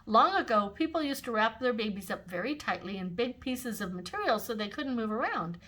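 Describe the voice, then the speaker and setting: A grandmother voicing a patient mother calmly explaining a story to children. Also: fairly high pitch, fairly quick. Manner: calm, explaining. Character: patient gentle mother reading scripture.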